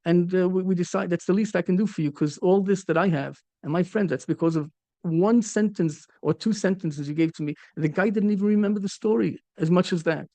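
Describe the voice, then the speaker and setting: A man, a rabbi, giving a Torah talk and telling a story, halting and repeating words as he goes. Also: sits high, dark tone, no echo. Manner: halting, repeats words, mixes in Yiddish and Hebrew.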